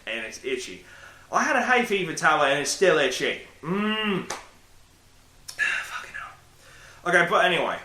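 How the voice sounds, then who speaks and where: A man's voice: a little high, sing-song, fast talker, sharp tone, reverberant. A man, vlogging casually to his laptop webcam from a room at home, rambling and self-deprecating with casual swearing. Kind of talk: casual solo vlog to webcam. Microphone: laptop webcam mic.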